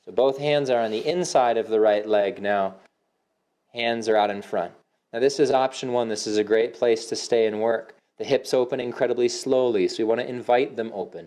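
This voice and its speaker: A man teaching a yoga class, giving slow, soothing cues with audible sighs and sometimes dropping to a soft whisper. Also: mid-range voice. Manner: drops to a soft whisper for affirmations. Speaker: yoga instructor. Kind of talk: guided yoga class instruction.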